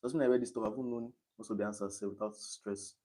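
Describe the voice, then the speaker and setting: A young man in his late teens with a Nigerian accent, casually talking through exam questions on a livestream, reading the options aloud and thinking out loud. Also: lowish voice, fairly even intonation, fast. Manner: thinks aloud, reading quiz options aloud and chatting between them. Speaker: exam candidate streaming his study session.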